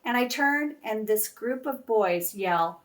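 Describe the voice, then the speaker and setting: Middle-aged actress guest, bubbly and animated, higher voice. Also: female voice, slow pace. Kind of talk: casual interview chat.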